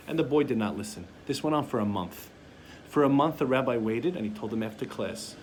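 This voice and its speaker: A man's voice: mid-range voice, animated, fairly quick, a little hiss or hum. A man giving a sermon as a rabbi, telling stories and acting out the voices of parents and children. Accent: Sephardic-community American English.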